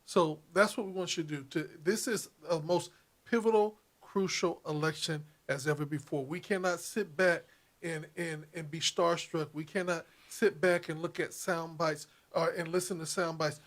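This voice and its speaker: A man's voice: on the high side, fairly even intonation, normal speed, fairly bright tone. A man co-hosting a political talk show, speaking emphatically and repeating phrases like a preacher. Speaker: co-host.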